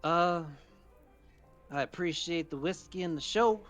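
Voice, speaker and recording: A man playing in a tabletop role-play game, speaking very slowly and hesitantly in a fairly high voice. Soft music runs faintly behind him. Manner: relaxed, hesitant with uh fillers. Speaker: player.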